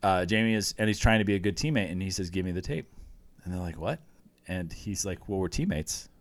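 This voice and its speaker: Deep-voiced rambling podcast man. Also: brisk. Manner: rambling, lots of fillers and restarts, retells scenes with quoted lines. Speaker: podcast co-host. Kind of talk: casual chat recapping a TV show.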